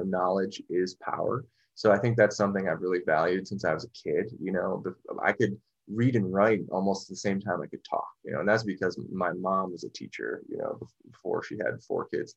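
A man with a husky, fairly low voice talks in a loose, rambling way, circling back with "you know" and restarts. The recording sounds dull and lo-fi. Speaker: podcast discussion guest. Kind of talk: casual discussion.

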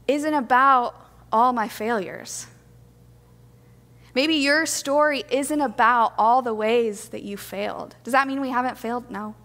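A woman preaching a sermon to a congregation, gentle, earnest and reflective. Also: a little high, big-room sound.

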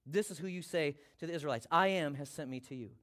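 A man voicing God speaking from a burning bush, slow and grave. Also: on the high side, a bit bright, lightly acted. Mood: solemn. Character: solemn divine male voice from a burning bush.

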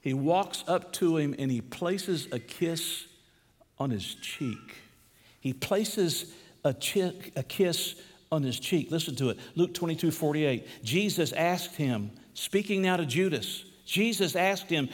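A male pastor delivering a sermon, swinging between hushed, slow lines and raised, emphatic ones. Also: fairly high pitch, lively intonation. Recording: long hall reverb.

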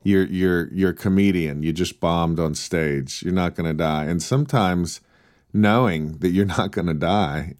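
A man with a very deep voice chats with dry, wry humor and tells stories at length. The mic is close and the sound dry. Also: a little slow, darkish tone, dry recording. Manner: dry humorous, storytelling, mock-announcer bits. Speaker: podcast co-host. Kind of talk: casual chat.

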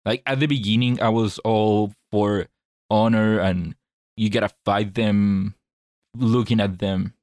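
Earnest low-voiced man, dry sound. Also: fairly even intonation, a little slow, a little mellow, no room sound. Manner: earnest, reflective, restarts phrases. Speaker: podcast co-host. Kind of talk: casual chat.

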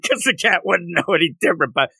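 A man chatting on a podcast about a manga chapter, bouncing through quick acted-out voices for the characters. His voice sits a touch high and comes across bright and forceful. The sound is close and dry, with hardly any room. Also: gravelly, breathy edge, no room sound. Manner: animated, acts out characters' lines in jumpy put-on voices. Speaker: podcast co-host. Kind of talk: casual chat recapping a manga chapter.

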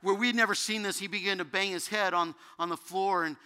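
High-voiced, bright-toned preacher man. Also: fairly even intonation, fairly quick, clear, resonant tone. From United States. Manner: emotional storytelling, rising to fervent preaching. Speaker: pastor, guest speaker. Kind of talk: sermon.

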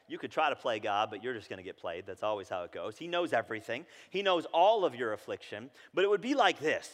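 Animated male pastor in a reverberant hall. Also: on the high side. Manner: animated, conversational preaching that swings from loud to hushed. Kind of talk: sermon. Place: church sanctuary.

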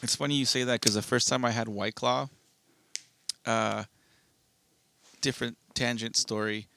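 A man's voice: medium pitch, steady tone, moderate pace, bright, forceful tone, no echo. A young man co-hosting a podcast, telling a long rambling story in casual chat and swearing freely. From Southern California. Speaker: podcast co-host.

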